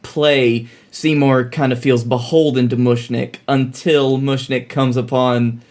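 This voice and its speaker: A man's voice: mid-range voice, level tone, unhurried, a little mellow. A man co-hosting a podcast in casual chat, recapping plots at length. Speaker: podcast co-host.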